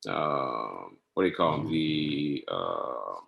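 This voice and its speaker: A man giving a casual screen-share tutorial on trading software, often saying "all right" and spelling codes out slowly. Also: a bass voice, animated, vocal fry, narrow, tinny audio. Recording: echoey room.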